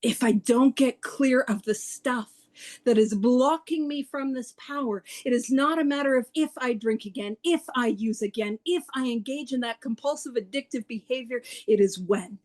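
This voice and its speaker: A woman's voice: on the high side, normal speed. A woman talking casually about recovery to a meeting, laughing often and poking fun at herself. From Canada. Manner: laughs often, animated and self-mocking. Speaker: speaker at a twelve-step study meeting.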